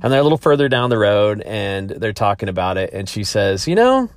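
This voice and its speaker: A man with a low, deep voice talks through his thoughts as a podcast host. He rambles and restarts often, circling his point. The sound is dry and close. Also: brisk, no echo. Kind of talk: casual monologue.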